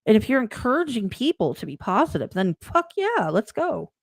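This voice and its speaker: A woman's voice: on the high side, big pitch swings, moderate pace, dry recording. A woman host in casual chat, chatty and encouraging, who acts out the conversations she retells. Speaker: streamer and host.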